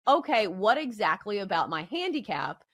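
Woman, betting show host, emphatic, expressive pitch. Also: normal speed. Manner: emphatic, arguing a point. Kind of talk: opinion commentary.

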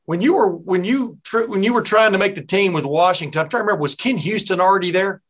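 Chatty higher-voiced man hosting a podcast. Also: fast talker. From East Texas. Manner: folksy, chatty asides with many fillers. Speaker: podcast host. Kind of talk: casual interview chat.

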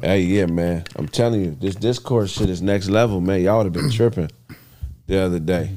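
A man's voice: low voice, moderate pace, dark tone. A man hosting a casual call-in show, laid-back and slangy, laughing along with callers. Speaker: host.

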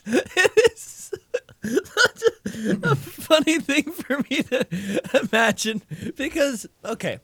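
A man's voice: extremely high pitch, takes it slowly, husky, no echo. A young man co-hosting a podcast in casual chat, laughing often and joking over a voice call. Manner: laughs often, jokey and animated. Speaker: podcast co-host. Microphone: faulty mic on a voice call.

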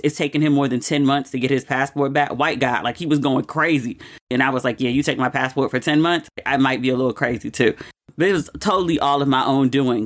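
A woman in her forties, a podcast host, telling a personal story in a chatty, expressive way with quick asides and frequent laughter. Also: rumbling low.

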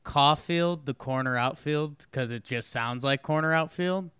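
A man co-hosting a casual sports podcast, easygoing and rambling, and quick to laugh. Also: mid-range voice, fairly bright tone, clear, resonant tone, dry recording, clean studio sound. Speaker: podcast co-host.

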